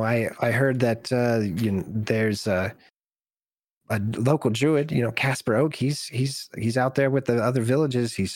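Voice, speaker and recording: A man's voice: on the low side, darkish tone, dry recording, lightly acted. An eager halfling reporter, put on by a man, tripping over her own words and gushing as she rambles. Her voice is dry and close, with no room sound. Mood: hushed. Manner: stammering, rushed and gushing.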